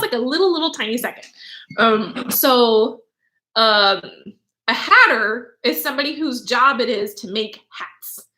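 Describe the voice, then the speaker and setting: A young adult woman, a teacher, reads a storybook aloud and breaks off to explain words in a chatty, filler-heavy way. Her voice is bright and fairly high, and it moves up and down a lot. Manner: chatty, with many fillers and asides.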